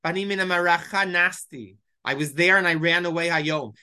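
A man's voice: fairly high pitch, normal speed, bright, forceful tone, clean tone. Man teaching verse by verse. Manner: emotional, choked up at times; reads Hebrew verses then explains in English. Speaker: Torah teacher. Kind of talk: text study lesson, translating verse by verse.

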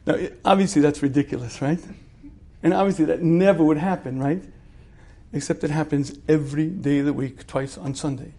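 A man with a somewhat high voice teaches in a relaxed, conversational way. He poses rhetorical questions, pauses to clear his throat, and keeps the lecture informal. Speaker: religious teacher.

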